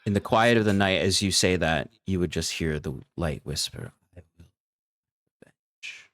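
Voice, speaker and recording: A man's voice: sits low, normal speed, a bit bright, no room sound, clean studio sound. A man narrating a tabletop game as game master, describing scenes with hesitant fillers.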